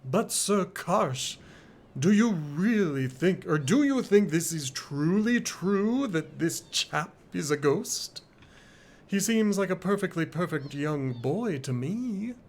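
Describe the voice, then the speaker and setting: A man's voice: high-pitched, animated, slow, voice pushed up, exaggerated voice. A man voicing a pompous, bumbling male soldier sidekick, wordy and fussy.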